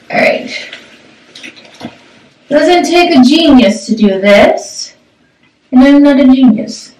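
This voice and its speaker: A young woman reviewing a shower curtain in a casual, upbeat vlog, talking with lots of "um" and "like". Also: sits high. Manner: chatty, upbeat, with frequent "um" and "like". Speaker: product reviewer. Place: small home bathroom. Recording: echoey bathroom, mic at a distance.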